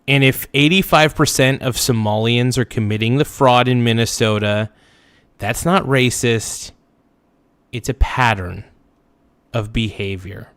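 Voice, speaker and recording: A man's voice: mid-range voice, a little slow, fairly bright tone, smooth, dry recording. Blunt, emphatic man ranting on a livestream. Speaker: livestream reaction host. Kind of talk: ranting reaction commentary.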